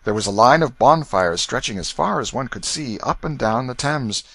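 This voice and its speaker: A man reading an audiobook in a measured, clear storytelling manner. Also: mid-range voice, lively intonation, a bit bright, dry recording. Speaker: audiobook reader. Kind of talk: scripted narration.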